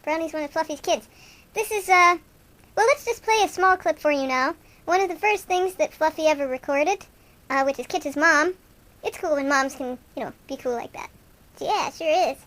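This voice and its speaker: A woman's voice: sits high, moderate pace, fairly bright tone. A woman hosting an improvised comic radio show, playing two goofy young male rock-fan buddies in rambling, self-mocking banter.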